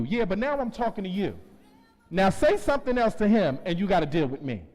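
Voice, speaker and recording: A man with a New Jersey accent, co-hosting a radio show, telling profane comic stories and ranting loudly. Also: high-pitched, brisk, in a large hall. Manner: profane, animated storytelling, gets loud. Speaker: co-host.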